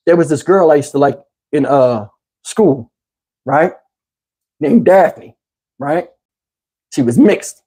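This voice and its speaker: A middle-aged man casually telling a personal story in an animated, streetwise way, with lots of "you know what I'm saying" asides. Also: a little high, slow, pauses often, slightly rough. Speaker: YouTube storyteller.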